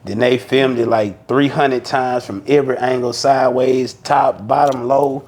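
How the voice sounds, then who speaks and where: A man from Mobile with a Southern Alabama accent, guest on a podcast, telling a story in a casual, animated way and acting out the quotes with profane slang. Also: mid-range voice, unhurried.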